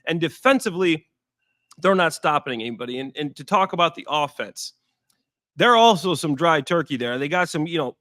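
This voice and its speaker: A former pro football player, a man in his thirties, analyzes recent games in a relaxed, emphatic chat. His voice sits high for a man and comes across dry and close to the mic. He drives points home by saying them twice. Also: brisk, dry recording. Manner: emphatic, repeats points for stress. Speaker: former NFL player, guest. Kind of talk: casual sports analysis chat.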